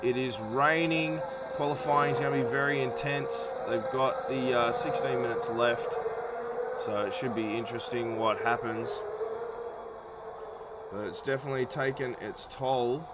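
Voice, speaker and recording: A man's voice: medium pitch, fairly even intonation, unhurried, heavy background noise. A man doing casual live-stream commentary for an online racing league, talking with many fillers while feeling unwell. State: not feeling well.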